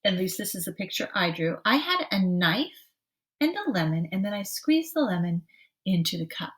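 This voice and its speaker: A woman teacher giving a slow, patient early-literacy lesson, stretching out word sounds clearly for young children. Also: mid-range voice, very animated, fairly bright tone.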